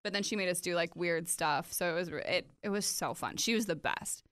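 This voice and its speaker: A young woman in casual chat, telling stories with many fillers and lively retellings. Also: on the low side, normal speed. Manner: chatty storyteller, lots of fillers, animated retelling. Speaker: podcast co-host.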